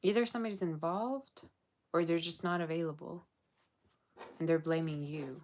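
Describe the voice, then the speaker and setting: Low-voiced tired woman reading tarot. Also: fairly even intonation, moderate pace, long pauses, a little mellow, a little hiss or hum. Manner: chatty, blunt, exasperated asides. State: tired, yawning. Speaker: tarot reader. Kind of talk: casual livestream tarot reading.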